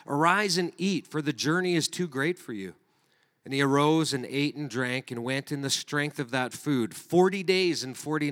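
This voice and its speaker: A man's voice: on the high side, a bit bright. A man preaching a sermon, reading scripture aloud and then speaking to the congregation in an earnest way. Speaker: pastor. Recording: reverberant hall.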